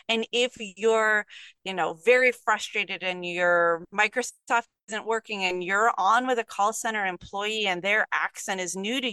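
Woman attorney host, bright crisp voice, dry close sound, thoughtful questioner. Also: mid-range voice, no room sound, rough recording. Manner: thoughtful, posing long hypothetical questions. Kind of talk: conversational interview.

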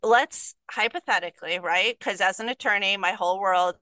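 Woman, attorney host, smooth clear voice, dry recording, long thoughtful questions. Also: mid-range voice, moderate pace, bright, forceful tone, no room sound, rough recording. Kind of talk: conversational interview.

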